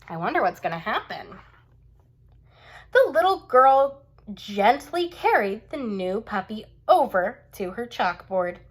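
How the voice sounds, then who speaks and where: A young woman teacher reading a bedtime story aloud to children, stopping to ask them questions. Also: medium pitch. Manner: warm, slow, asks children questions.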